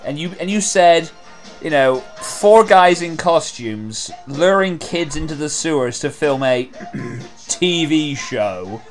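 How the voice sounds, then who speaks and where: A man's voice: a little high, expressive, slow pace, soft background music. A man giving casual, sarcastic commentary over a video, rambling with lots of filler words. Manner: sarcastic and rambling, many "like" and "you know".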